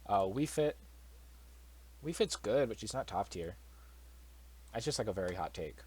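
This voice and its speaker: A young man talks casually on his own, blunt and quick to swear. His pitch swings widely as he jumps into incredulous outbursts. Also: animated, darkish tone, husky. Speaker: commentator. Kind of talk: casual solo commentary.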